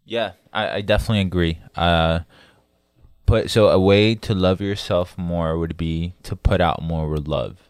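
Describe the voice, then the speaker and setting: A young man with a low, relaxed voice chats with friends on a podcast. He tells stories and lifts his voice when he quotes people. The sound is dry and close. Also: a little slow, clear, resonant tone, dry recording. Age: young adult. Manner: storytelling, animated when quoting others. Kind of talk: casual chat.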